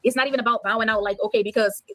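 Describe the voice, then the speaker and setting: A woman on a livestream panel talks in a rapid, insistent rush. She defends herself firmly. Her voice sits a little high. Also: steady tone, sharp tone, no room sound. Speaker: panel guest. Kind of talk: heated livestream panel talk.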